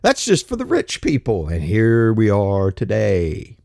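A man's voice: lowish voice, wildly swooping pitch, unhurried, creaky, darkish tone, no room sound, clean studio sound. A man giving a blunt, profane, rambling opinion monologue. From United States. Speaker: commentator.

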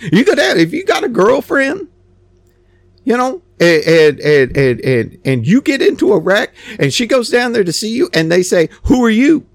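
A man's voice: high voice, wildly swooping pitch, moderate pace, gravelly, dry recording, studio quality. A man giving a rambling, sarcastic opinion monologue, stammering and repeating himself. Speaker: commentator.

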